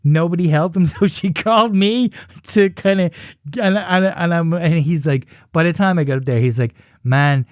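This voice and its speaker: A man's voice: high voice, moderate pace, no room sound, clean studio sound. A man hosting a podcast, telling a story casually, rambling and swearing with lots of fillers. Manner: rambling and profane, heavy on fillers like "you know" and "right?". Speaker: podcast host.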